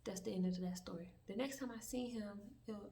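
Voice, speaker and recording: A woman's voice: medium pitch, fast, creaky, mellow, a little hiss or hum. A young woman telling a storytime in a laid-back, rambling way, swearing freely and acting out dialogue. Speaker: vlogger. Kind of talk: casual storytime.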